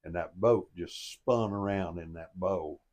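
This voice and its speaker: A man's voice: sits low, a little slow, a little mellow. An older man telling a boating story in a folksy, plain-spoken and earnest way, as a motivational storyteller. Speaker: storyteller and life coach.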